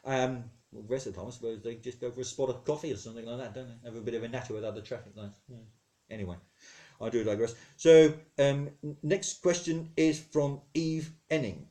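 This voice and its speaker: A man's voice: mid-range voice, fairly even intonation, fairly quick, dark tone. A man playing a rambling posh British God. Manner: rambling, digressive, self-interrupting. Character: God, male, chatty and easily sidetracked. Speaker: comedy podcast host. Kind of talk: comedic character monologue answering listener questions.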